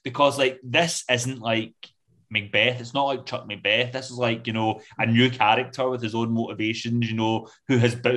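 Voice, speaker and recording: A man's voice: fairly low pitch, fairly bright tone. A man from the UK, a guest in a casual interview, talking loosely with many fillers. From United Kingdom. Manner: rambling, many fillers like "like, you know". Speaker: guest author.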